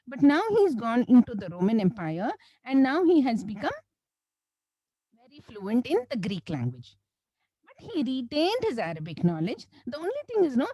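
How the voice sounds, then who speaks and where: A woman from South India, telling a religious story as a lecturer in an animated way, often saying "you know" and devotional phrases. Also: on the high side, no room sound, low-quality recording. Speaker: Islamic lecturer.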